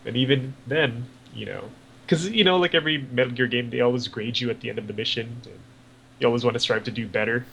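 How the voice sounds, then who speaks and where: Gravelly-voiced man in casual gaming chat. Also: medium pitch, fast talker, fairly bright tone, highs cut off, a little hiss or hum. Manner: rambling, profane, lots of fillers. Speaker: podcast co-host.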